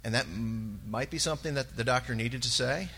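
A man's voice: mid-range voice, vocal fry, sharp tone, husky. Earnest man giving testimony in a hall. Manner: earnest, halting, with fillers. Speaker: church member sharing testimony. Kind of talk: personal testimony in church. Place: church sanctuary. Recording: long reverb of a large hall.

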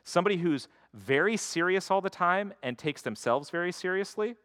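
A man delivers a sermon in a loose, conversational manner, acting out the stories as he goes. His voice sits a little high. The sound is dry and close. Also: lively intonation, moderate pace, a bit bright, no echo. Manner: conversational, acts out quoted voices. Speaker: pastor.

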